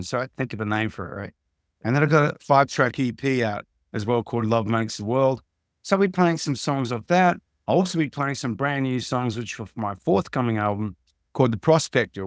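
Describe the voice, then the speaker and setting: An older man with an Australian accent, speaking in a relaxed, rambling way as an interview guest. His voice sits at a middling pitch, recorded close and dry with no room sound. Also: dry recording. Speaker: musician guest. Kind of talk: casual interview chat.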